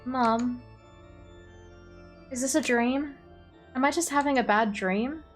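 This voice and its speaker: A woman doing a frightened young girl, slightly higher. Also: slow pace, faint music behind. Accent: Australian. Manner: shaken, pleading.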